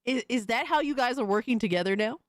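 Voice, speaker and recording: A young adult woman streamer doing profane, excitable reaction commentary, often shrieking in disbelief. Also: fairly high pitch, fast, no echo, clean studio sound.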